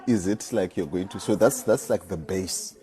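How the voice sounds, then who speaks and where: A man hosting a live podcast interview, relaxed and encouraging, thanking viewers. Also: low voice, moderate pace. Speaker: podcast host. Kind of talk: casual live-stream interview.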